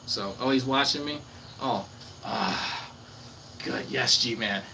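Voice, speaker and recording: A man's voice: mid-range voice, slow pace, pauses often. A man on a casual livestream, reading chat comments aloud and taunting a rival in a mocking, profane way. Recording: clear background noise with crickets.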